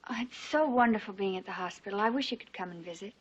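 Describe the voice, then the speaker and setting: A woman's voice: medium pitch, fast talker, husky, natural voice. An actress playing an earnest, wistful young woman, a daughter with a soldier fiancé, in 1940s studio film acting. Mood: tender. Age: young adult. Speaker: daughter, hospital volunteer. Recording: dull 1940s film soundtrack with score. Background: orchestral film score.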